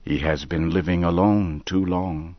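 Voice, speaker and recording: A man's voice: low voice, fairly even intonation, unhurried, dry recording, lo-fi sound. A man voicing a plain-spoken farmer neighbor who talks bluntly. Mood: pitying. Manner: blunt, puzzled.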